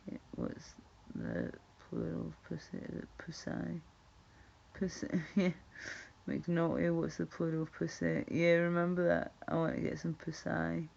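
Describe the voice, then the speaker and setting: A woman's voice: low voice, lively intonation, a little slow, creaky, a little mellow. A Scottish woman chatting casually with her stream viewers, swearing and laughing as she talks. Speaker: livestreamer. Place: at home. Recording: dull lo-fi stream audio.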